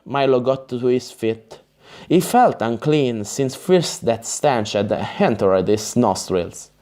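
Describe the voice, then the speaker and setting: Male audiobook narrator, unhurried pace, mid pitch, measured reading. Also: a little mellow. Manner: careful, measured reading with occasional restarts. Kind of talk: reading a fantasy novel aloud.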